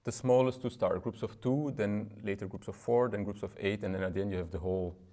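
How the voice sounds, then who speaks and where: A man's voice: on the low side, fairly even intonation, a little fast. A man with French as his first language giving a casual piano lesson, explaining practice methods in plain English and asking "right?" as he plays. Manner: explains in plain, slightly non-native English with many "right?" asides. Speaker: piano teacher. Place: room with a piano. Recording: speech over loud piano playing. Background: loud piano playing.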